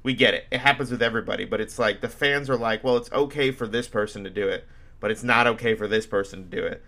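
A man's voice: on the low side, fast, sharp tone. A man hosting a casual podcast, telling anecdotes with animation and acting out what people said. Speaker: podcast host.

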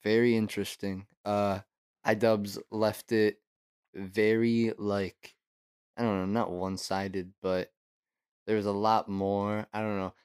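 A young man with a somewhat low voice chats loosely as a podcast co-host. He rambles, laughs often and lets his sentences trail off. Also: flat delivery, takes it slowly, darkish tone, smooth. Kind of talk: casual chat.

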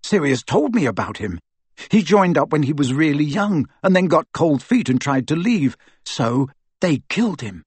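A man reading an audiobook, voicing a guarded, brooding teenage boy who talks in a low mutter. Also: big pitch swings, normal speed, slightly rough, no echo. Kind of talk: audiobook character voice.

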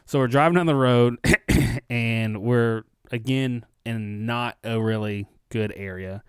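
A young man on a podcast, casually telling a profane, animated story and acting out the people in it. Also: mid-range voice, takes it slowly, smooth, no echo, studio quality. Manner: profane, animated retelling with quoted voices. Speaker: podcast co-host.

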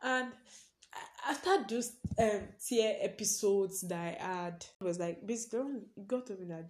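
A young woman talks through a personal story on her podcast in a loose, conversational style. She keeps leaning on the word "basically" and breaks into short laughs. Her voice sits at a middling pitch for a woman. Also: moderate pace, darkish tone. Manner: chatty storytelling, leans on "basically", laughs often. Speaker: podcast host. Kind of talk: casual personal podcast monologue.

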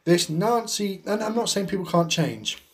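A man's voice: high-pitched, lively intonation, normal speed. A man with a blunt, sweary, rambling way of talking, telling a story in a casual podcast chat. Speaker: podcast co-host.

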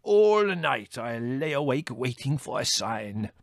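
A man's voice: medium pitch, sing-song, no room sound, studio quality, voice pushed up. A man putting on a wailing café owner. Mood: dramatic. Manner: theatrical, wailing, slow and drawn out. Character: melodramatic Greek male café owner, despairing.

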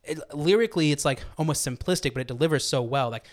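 A man's voice: fairly high pitch, fast. A young man rambling enthusiastically in a casual music review chat, full of fillers. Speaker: podcast co-host.

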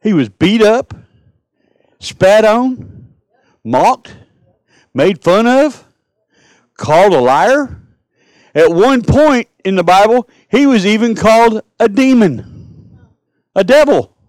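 Fiery preaching man, swings loud to hushed. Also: sits high, sing-song, slow pace, long pauses, no room sound, rough recording. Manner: impassioned preaching, rising loud then dropping soft. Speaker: pastor. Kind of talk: sermon.

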